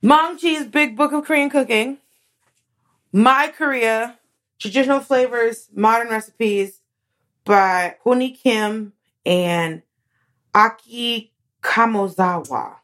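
A woman comedian chatting casually as a guest, an animated storyteller whose voice swoops high when she acts out moments. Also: takes it slowly, pauses often. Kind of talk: casual interview chat.

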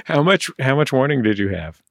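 An American man hosting an interview, asking measured questions with dry, wry humor. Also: mid-range voice, big pitch swings, no echo. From United States. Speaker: interview host. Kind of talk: casual interview chat.

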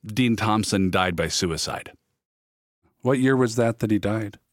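Measured male host, lowish voice, dry close mic. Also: no echo. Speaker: podcast host. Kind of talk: interview questions and narration.

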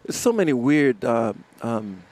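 A man, a musician guest in a live radio interview, telling animated stories and laughing often. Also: medium pitch, measured pace, a little hiss or hum. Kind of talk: casual storytelling interview. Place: outdoors in front of a music studio complex.

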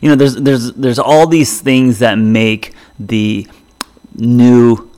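A man's voice: medium pitch, steady tone, takes it slowly, darkish tone. A middle-aged man hosting a solo podcast as a therapist, talking in a loose, reflective way with many restarts. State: choking up from a drink.

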